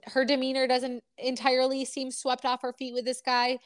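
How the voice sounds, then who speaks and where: A woman's voice: sits high, monotone, moderate pace, no echo, clean studio sound. A woman co-hosting a podcast, chatting casually about reality TV gossip in an emphatic, blunt way. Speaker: podcast co-host.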